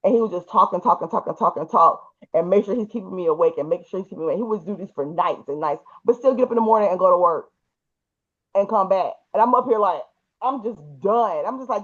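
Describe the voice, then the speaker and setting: Animated woman telling a personal story. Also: on the low side, fast, highs cut off. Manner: animated, emphatic, colloquial.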